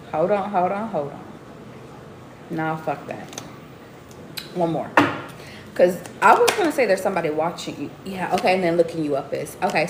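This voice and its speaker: A woman giving a casual live tarot reading to her viewers, slangy and animated, often jumping into high excited exclamations. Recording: roomy echo with faint background noise.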